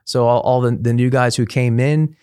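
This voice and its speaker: A man's voice: medium pitch, fairly even intonation, normal speed, a little mellow, clean tone, no room sound, clean studio sound. Chatty laughing man telling stories. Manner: chatty, laughing, frequent restarts. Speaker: priest guest. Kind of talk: casual interview storytelling.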